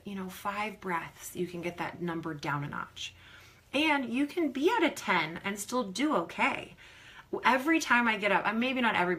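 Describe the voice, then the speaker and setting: A woman performance coach talking casually on a live Q&A, giving advice and acting out nervous athletes in quick quoted voices. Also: mid-range voice. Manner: animated, acts out quoted athletes.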